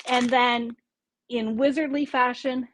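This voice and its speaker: A woman's voice: on the high side, fairly even intonation, slow, a little hiss or hum. A woman hosting a casual live product showcase from a craft store, chatty and upbeat, with small asides as she lists items.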